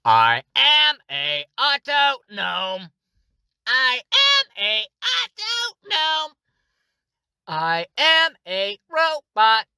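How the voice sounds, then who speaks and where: A man voicing a soft robotic male auto gnome with a constricted, nasal, choppy delivery. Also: very high-pitched, wildly swooping pitch, extremely slow, vocal fry, smooth, no room sound, clean studio sound, voice pushed up, full character voice.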